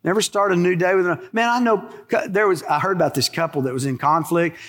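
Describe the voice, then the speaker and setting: A pastor preaching a sermon in a folksy, conversational way, driving points home with emphatic repetition. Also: male voice, sits high, fast, fairly bright tone.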